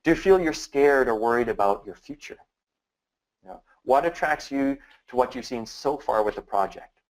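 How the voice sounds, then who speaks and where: A man's voice: medium pitch, animated, moderate pace, poor audio. A man giving a casual training talk on prospecting, acting out sample questions in a shifting, curious tone. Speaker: business trainer.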